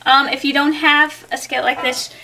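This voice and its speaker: A young woman with a high, bright voice hosts a cooking video from her home kitchen. She chats casually with viewers, giggling often as she walks them through each step. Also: little pitch movement, normal speed, a little hiss or hum. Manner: chatty, giggly, addresses viewers directly. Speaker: cooking show host.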